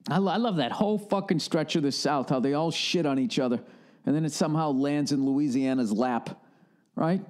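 A man's voice: a little high, fairly quick, darkish tone. A middle-aged man with a Boston accent, ranting solo as a podcast host in a casual comedic monologue, profane and laughing often. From northern United States. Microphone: studio podcast mic.

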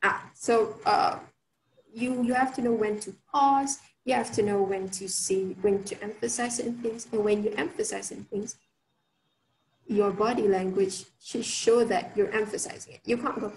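A woman's voice: medium pitch, steady tone, normal speed, a little mellow, a little hiss or hum. A young adult woman giving an online workshop talk, chatty, with many fillers and restarts. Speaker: workshop speaker. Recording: roomy sound with faint ambience.

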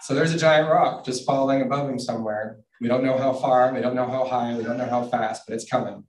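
A man's voice: medium pitch, steady tone, fairly quick, a little hiss or hum. A man from Canada, an author chatting casually and self-deprecatingly as he reads his picture books aloud at a bookstore event. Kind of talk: casual public book reading. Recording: roomy, distant mic.

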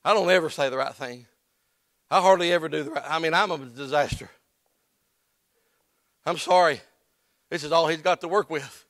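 A man preaching a sermon as pastor, folksy and plain-spoken, building up to shouts in church. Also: on the high side, moderate pace, long pauses, dry recording. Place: church sanctuary.

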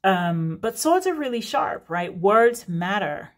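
A woman host talks casually and off the cuff in a middle-pitched voice. She rambles from point to point and often breaks off into laughing asides. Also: big pitch swings, slow. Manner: chatty, rambling, prone to laughing digressions. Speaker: tarot reader. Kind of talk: casual unscripted reading to camera.

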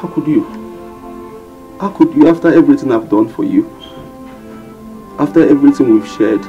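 A man's voice: mid-range voice, moderate pace, lo-fi sound, faint music behind, natural voice. An actor playing a heartbroken young man with a Nigerian accent who pleads with his girlfriend, wounded. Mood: pleading.

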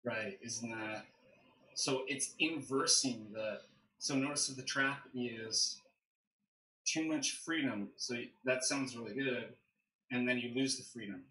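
A man who is a deacon and theologian, explaining ideas in a measured, thinking-aloud way as a guest on a livestream discussion. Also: medium pitch, pushed and bright, slight background noise. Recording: echoey room.

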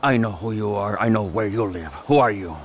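An actor playing a menacing cartel boss in a video game cutscene, slow and intimidating. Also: male voice, medium pitch, very animated, creaky, fairly bright tone, slight background noise, heavily acted. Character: menacing middle-aged male cartel boss.

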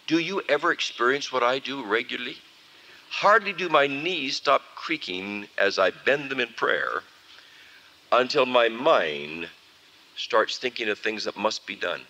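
Man preacher, bright lively voice, acts out his stories for the congregation. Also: medium pitch, measured pace, highs cut off. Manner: animated storytelling, acts out scenes. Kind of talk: sermon. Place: camp meeting before a live audience. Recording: archival 1979 camp meeting recording.

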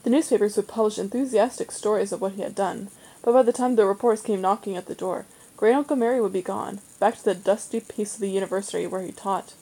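A woman reading a children's novel aloud in a steady, measured storytelling manner. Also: mid-range voice, breathy edge, low-quality recording. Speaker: reader.

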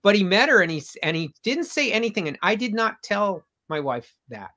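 This older man, a guest comic artist in a relaxed interview, tells lengthy, warm, rambling stories and keeps restarting them. His voice is high and sing-song, and he talks a little fast.

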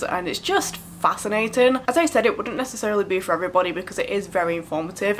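A woman's voice: mid-range voice, fairly bright tone, a little hiss or hum. A young woman in her twenties, reviewing a book on her vlog with gushing enthusiasm and frequent laughs. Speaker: book vlogger.

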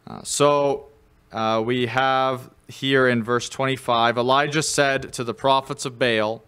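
Man, pastor, sermon, slow deliberate delivery, conversational with fillers, louder for scripture quotes. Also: mid-range voice, fairly even intonation, clear, resonant tone. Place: church.

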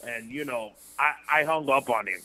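A man's voice: medium pitch, normal speed, pushed and bright. A man calling in to a comedy stream, chatting in a laid-back way. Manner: laid-back, says bro. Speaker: caller. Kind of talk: casual call-in chat. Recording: tinny phone line.

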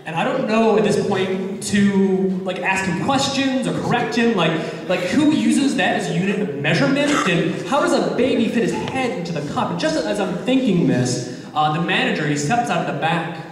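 Young man, twenties, stand-up comic, high voice, awkward rambling delivery, crude jokes, long hall echo. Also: lively intonation, moderate pace, background noise. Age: 20s. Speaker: stand-up comedian. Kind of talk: stand-up comedy set. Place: comedy venue with a live audience. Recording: echoey hall, mic heard from far off.

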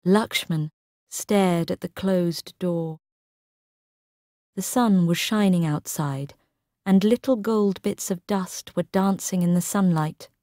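Slow, careful woman narrator. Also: fairly low pitch, warm tone, no room sound, studio quality. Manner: careful, clear storytelling delivery. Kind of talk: scripted narration for English learners.

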